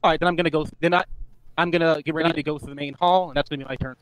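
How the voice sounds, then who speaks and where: Fast-talking higher-voiced man. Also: steady tone, fairly bright tone, slight background noise, rough recording. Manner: rapid, rambling explanation of plans. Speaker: player.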